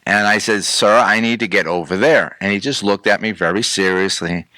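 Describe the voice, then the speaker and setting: A man's voice: fairly low pitch, normal speed, sharp tone, no echo. A man co-hosting a podcast in casual chat, rambling and laughing as he tells stories. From England. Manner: rambling, laughs often, trails off mid-sentence. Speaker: podcast co-host.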